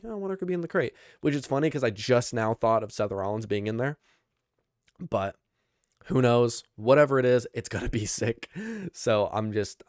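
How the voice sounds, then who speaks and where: A young man hosting a podcast, rambling and excitable as he recaps wrestling, full of fillers and restarts. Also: medium pitch, no echo, clean studio sound. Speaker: podcast host.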